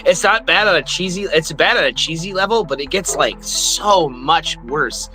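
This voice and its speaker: A man co-hosting a horror movie review show in casual chat, excitable, laughing often and swearing freely. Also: on the high side, normal speed, faint music behind.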